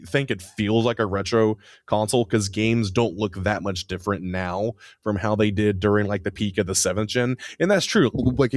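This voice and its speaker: Low guy on a podcast, dry sound, tells stories all excited, says like a lot. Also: dry recording. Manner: excitable storyteller, lots of fillers. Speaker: podcast co-host. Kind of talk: casual chat.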